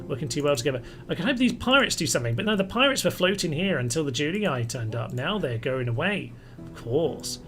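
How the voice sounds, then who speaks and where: Wry male game streamer, higher voice. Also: big pitch swings, fairly quick, a bit bright. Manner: wry, mildly exasperated, thinking aloud. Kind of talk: casual gameplay commentary. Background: faint music and air conditioner rumble.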